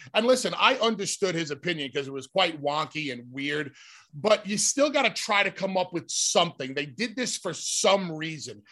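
A man's voice: sits high, creaky, sharp tone. A man hosting a talk show, emphatic and talking over others. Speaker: host.

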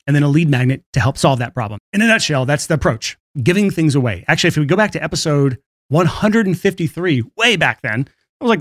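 A man's voice: fairly high pitch, fairly bright tone, no echo, studio quality. A man hosting his own podcast alone, talking casually and laughing briefly between points. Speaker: podcast host. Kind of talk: solo podcast monologue on marketing.

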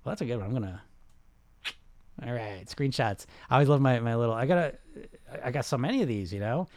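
Fast-talking, rambling male coach. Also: medium pitch, animated, a little mellow, no echo. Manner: rambling, restarts a lot, salesy and emphatic. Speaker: weight-loss coach and podcast host. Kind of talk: casual live Q&A talk.

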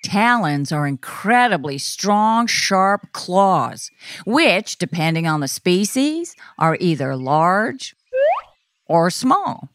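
A woman's voice: fairly low pitch, very animated, takes it slowly, fairly bright tone, no room sound, studio quality. A woman playing an ornithologist guest, explaining facts in a friendly way on a kids' science show. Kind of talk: scripted educational dialogue.

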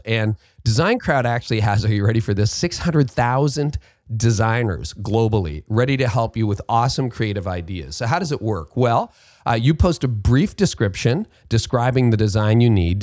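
A man's voice: on the low side, darkish tone, dry recording, clean studio sound. A man hosting a podcast, reading an ad and interviewing a guest in an upbeat, chatty way with casual fillers. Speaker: podcast host.

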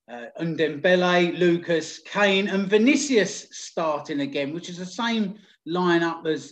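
Podcast host, higher male voice, relaxed and chatty, roomy echo on the mic. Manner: chatty, loose, lots of fillers. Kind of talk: casual football podcast chat.

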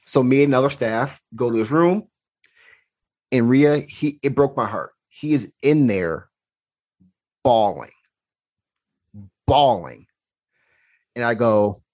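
A man's voice: mid-range voice, expressive, normal speed, darkish tone. A man, a podcast guest, telling a personal story in an earnest, reflective way, acting out the quoted dialogue.

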